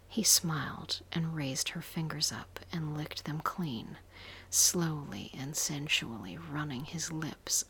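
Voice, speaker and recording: A woman reading a story aloud in a soft, unvoiced whisper throughout. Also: deep voice, slight background noise.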